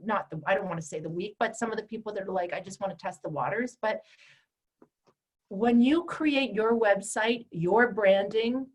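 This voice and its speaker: A woman's voice: mid-range voice, normal speed, poor audio. A woman coach teaching a group call, speaking directly and emphatically and acting out the voices she quotes. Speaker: empowerment coach and trainer.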